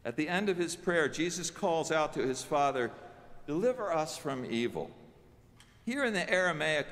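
Creaky-voiced pastor preaching in a reverberant church. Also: male voice, on the high side, a bit bright. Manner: conversational preaching with asides to the congregation. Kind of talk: sermon. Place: church sanctuary.

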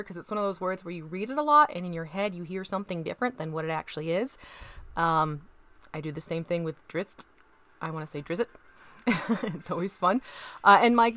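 A woman's voice: mid-range voice, fairly bright tone, no room sound. A woman hosting a casual live stream, chatting while she paints miniatures, upbeat and chatty, greeting viewers by name. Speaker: crafting channel host.

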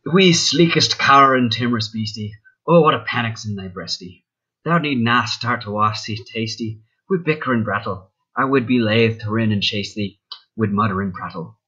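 A man's voice: lowish voice, moderate pace, bright, forceful tone, husky. A man reciting an old poem in a put-on Scottish brogue, with a rolling, lilting delivery that draws out the words. The recording sounds dull and lo-fi. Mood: tender, mournful. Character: male reader reciting old Scottish verse.

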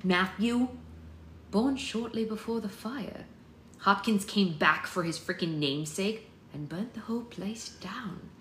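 A woman's voice: medium pitch, a little slow, fairly bright tone, natural voice. A woman reading the lines of a blunt, fiery young witch who swears freely, in a roomy recording with faint noise. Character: fiery, sharp-tongued young witch daughter.

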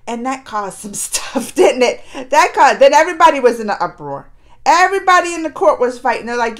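A woman hosting a reaction video, recapping episodes in a lively, expressive way with frequent laughs and exclamations. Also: high-pitched, normal speed.

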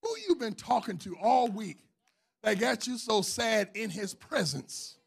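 A man preaching in church, his voice gravelly and husky with a lot of fry. He swings high and lively, building into shouted runs and calling members of the congregation forward. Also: a little slow. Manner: preaching with rising, shouting emphasis and calls to the congregation. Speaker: pastor. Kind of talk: sermon.

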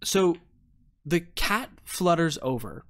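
A man's voice: fairly high pitch, lively intonation, a bit bright, no room sound. A man running a tabletop game as game master, narrating with frequent restarts. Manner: halting, restarts often.

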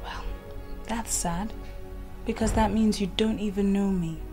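An actress playing a teasing, self-assured senator's daughter in a Nigerian film drama. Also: female voice, mid-range voice, steady tone, measured pace, warm tone, faint music behind, close to an everyday voice.

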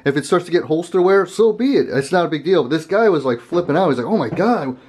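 A man's voice: on the high side, lively intonation, fast, darkish tone. A man hosting a casual gun vlog, talking to camera in a rambling, conversational way and chuckling often. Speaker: gun channel host.

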